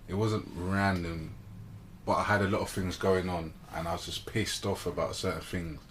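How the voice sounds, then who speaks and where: A man's voice: deep voice, steady tone, normal speed, a little hiss or hum. A man co-hosting a casual podcast discussion, talking openly and easily about his own feelings. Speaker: podcast co-host.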